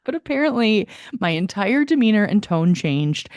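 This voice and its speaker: A woman co-hosts a podcast in casual chat, telling stories animatedly, laughing often and acting out what people said. Her voice is mid-range at a moderate pace, with studio-quality sound and no echo.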